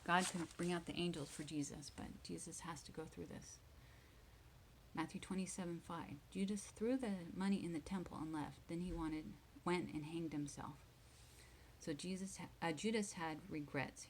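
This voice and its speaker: A woman reading Bible verses aloud slowly and retelling each one in simple words for English learners, at times dropping to a whisper. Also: low voice, a little mellow, slight background noise, poor audio. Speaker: English teacher.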